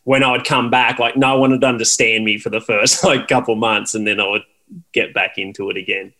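A man with an Australian accent, a professional angler chatting casually as a podcast guest, easygoing and quick to laugh. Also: lowish voice, fairly even intonation, bright, forceful tone.

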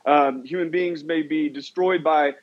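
Measured male guest, slightly higher voice. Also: fairly even intonation, lo-fi sound. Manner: measured, thoughtful, many fillers. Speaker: guest commentator. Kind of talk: explanatory commentary.

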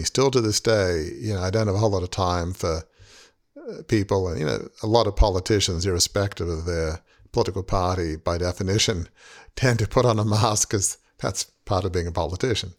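Older man, podcast host, reflective conversation, earnest and rambling, lowish voice. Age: 60s. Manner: earnest, rambling, heavy use of "you know".

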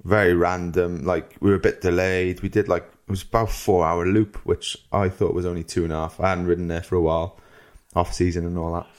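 A Welsh man in his thirties, co-hosting a podcast and telling a rambling story in a casual, animated way, often acting out what people said. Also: low voice, fairly quick. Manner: rambling, animated, quotes people in lively voices. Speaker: podcast co-host.

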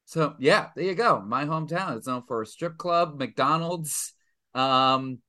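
A man's voice: a little high, unhurried, bright, forceful tone. A man from Massachusetts, a filmmaker guest, chatting casually on a podcast in a rambling, profane, self-mocking way. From Stoughton, Massachusetts.

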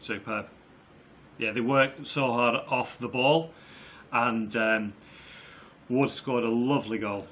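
A man's voice: medium pitch, fairly even intonation, slow pace, pauses often, fairly bright tone. A man co-hosting a casual football chat, reviewing a match in an upbeat, chatty way with plenty of fillers. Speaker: football podcast co-host.

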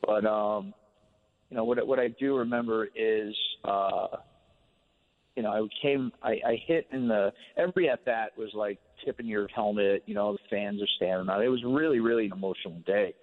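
A former ballplayer on a radio interview, telling a long story in a relaxed, rambling way full of fillers. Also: male voice, lowish voice, normal speed, in a large hall. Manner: relaxed, rambling, many fillers like "you know". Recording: phone-line sound on radio.

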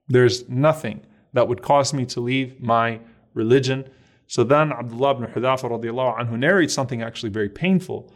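A middle-aged man preaching, retelling a story with dramatic voiced dialogue and Arabic phrases. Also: medium pitch. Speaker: Islamic preacher. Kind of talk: storytelling sermon.

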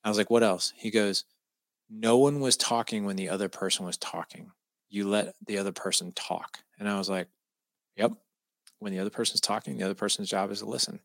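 Man, middle-aged, low-pitched, animated storyteller, quotes dialogue, dry close-miked sound. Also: fairly quick, vocal fry, dry recording. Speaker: podcast guest. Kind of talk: conversational storytelling.

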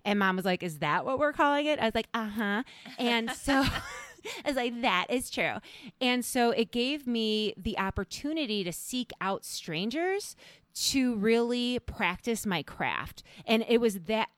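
A woman's voice: mid-range voice, clean tone, no echo. A woman co-hosting a podcast with her sister, chatting casually and acting out what people said. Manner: chatty, lively quoting of others. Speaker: podcast co-host. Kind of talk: casual chat.

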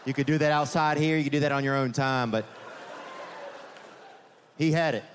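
A man's voice: fairly high pitch, steady tone, moderate pace, crowd noise, noisy background. A man doing a stand-up comedy set on a theater stage, rambling through meandering digressions and leaning on "man" and "you know.". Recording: reverberant theater with faint audience ambience.

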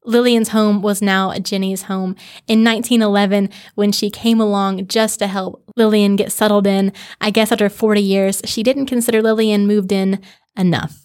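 A woman's voice: medium pitch, little pitch movement, darkish tone, clear, resonant tone. Earnest woman narrating a history podcast. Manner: earnest, conversational, slows down for dramatic emphasis.

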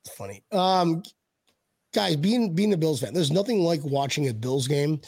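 A man hosting a casual podcast chat who gets excited, laughs a lot and stumbles over his words. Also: a little high, normal speed, slightly rough, dry recording. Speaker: podcast host.

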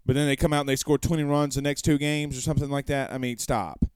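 A man's voice: medium pitch, little pitch movement, fast talker, clear, resonant tone, no echo, clean studio sound. A man hosting a sports talk show, reading viewer comments aloud and rambling conversationally with rhetorical questions.

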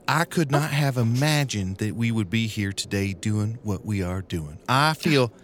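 A man's voice: lowish voice, lively intonation, a little slow, a little hiss or hum. A man voicing an earnest, sentimental half-vampire in an improvised comedy audio drama. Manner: sentimental, earnest and a bit pompous.

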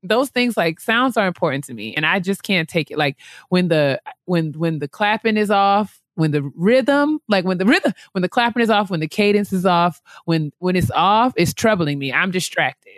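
A woman's voice: on the low side, lively intonation, moderate pace, dry recording, studio quality. A young adult woman co-hosting a podcast in casual chat, talking chattily with fillers and repeating herself. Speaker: podcast co-host.

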